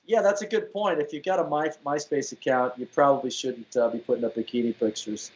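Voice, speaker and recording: A man hosting a comedy talk show, playful and quick to laugh, often restarting his sentences. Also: mid-range voice, lo-fi sound. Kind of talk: casual comedic chat.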